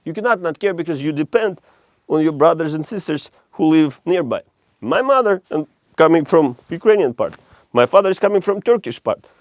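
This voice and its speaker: A man's voice: fairly high pitch, expressive, fairly quick, no room sound. A man from Russia with a Russian accent, delivering a blunt, profane, heated monologue to camera as a vlogger.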